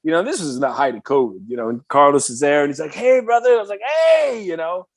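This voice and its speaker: A man in his fifties from the Bay Area, a metal singer telling a story as a podcast guest, excitable, swearing freely and full of "you know". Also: on the high side, fast talker, dry recording, studio quality. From San Francisco Bay Area. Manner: animated, excitable, swears freely, heavy filler words. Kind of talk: casual storytelling in conversation.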